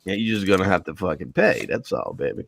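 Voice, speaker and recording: A man's voice: low voice, very animated, fast talker, vocal fry, background noise. A man telling rambling, profane stories with lots of laughter in a casual podcast chat. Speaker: guest.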